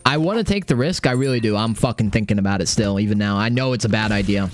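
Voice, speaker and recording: A young man giving casual live gameplay commentary, excitable and swearing often, repeating phrases under pressure. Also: on the low side, fast, slight background noise. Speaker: gaming streamer.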